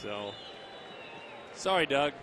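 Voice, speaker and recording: A man's voice: mid-range voice, expressive, takes it slowly, crowd noise, noisy background. A man calling a baseball game play by play, chatty and jokey, lifting his voice on big plays. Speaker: play-by-play announcer. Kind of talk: baseball TV commentary.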